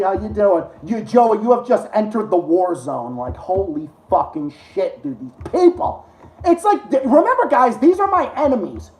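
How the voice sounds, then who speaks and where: A man's voice: high voice, expressive, normal speed, a little mellow. A man hosting a live stream, ranting to his chat with heavy swearing and sarcasm. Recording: roomy echo.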